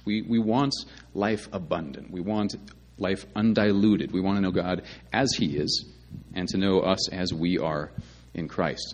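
A man's voice: low-pitched, husky. A man preaching a conversational sermon as pastor, with a playful, sarcastic streak and frequent ums.

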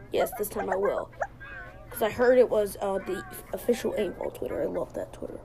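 A woman hosting a gaming video, giving playful, excitable let's-play commentary with frequent giggles. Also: medium pitch, brisk, creaky, noisy background. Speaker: gaming channel host.

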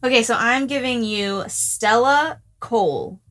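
A woman's voice: fairly high pitch, unhurried, a bit bright. A young woman co-hosting a casual podcast, telling a story in a chatty way with lots of "like.". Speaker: podcast co-host. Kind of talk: casual chat.

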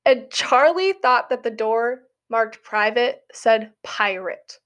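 A woman's voice: a little high, takes it slowly, a bit bright. A young adult woman, a college student, talking through a casual spoken essay in a chatty, giggly way full of "like" fillers. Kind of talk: casual monologue.

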